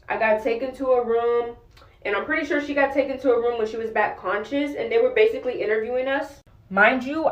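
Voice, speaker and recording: A woman's voice: fairly high pitch, far from the mic, highs cut off. A young woman telling a personal story to camera in blunt, slangy, profane casual talk. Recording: voice a bit off-mic.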